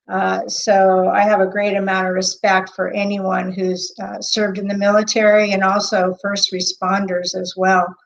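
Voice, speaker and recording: A woman hosting a live stream as a medium. She talks off the cuff with many pauses and fillers, and greets chat viewers by name. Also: medium pitch, creaky. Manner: hesitant, with frequent pauses and fillers. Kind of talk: unscripted live-stream talk. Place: indoor room. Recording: dull lo-fi webcam audio.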